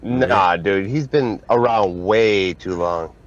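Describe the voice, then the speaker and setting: A man's voice: lowish voice, slow, dull audio. A young man in a casual group chat, blunt and profane, using slang. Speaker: podcast panelist.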